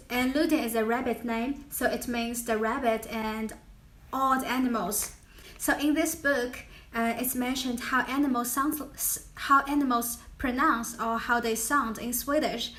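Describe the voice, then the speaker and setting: Young female vlogger, Chinese accent, high and slow, playful, roomy echo. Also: bright, forceful tone. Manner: playful, imitates animal sounds between explanations. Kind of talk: casual vlog.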